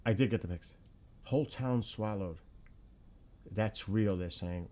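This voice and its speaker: A man's voice: lowish voice, a little slow, dark tone. A man hosting a casual livestream, reading viewer chat and exclaiming in astonishment, often repeating himself.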